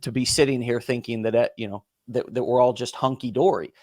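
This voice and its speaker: A man hosts a relaxed interview, circling around his questions with plenty of fillers, restarts and the odd swear word. His voice is recorded dry and close, with no room sound. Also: mid-range voice, a little fast, no room sound. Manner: rambling, many fillers and restarts, casual swearing. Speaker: podcast host. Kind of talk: conversational interview.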